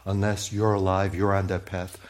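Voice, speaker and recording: A male pastor delivering a sermon in a somewhat low voice. He leaps from loud, ringing exclamations down to hushed near-whispers. He repeats key lines for emphasis and keeps calling for amens. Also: level tone, moderate pace. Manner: repetitive, emphatic, calls for amen.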